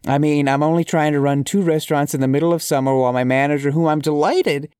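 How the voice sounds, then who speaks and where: A man's voice: a little high, fairly even intonation, quick pace, darkish tone, clear, resonant tone, dry recording, clean studio sound, close to an everyday voice. A man voicing a prickly male Irish restaurant owner in a comic reading, putting on an Irish accent and sounding sarcastic and mock-polite.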